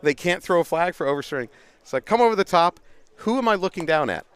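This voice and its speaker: New guy, middle-aged, smooth clear voice, chatty animated storyteller on a stream. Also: on the high side, fast. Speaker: paintball commentator. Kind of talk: casual storytelling on a livestream. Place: outdoors at a paintball event.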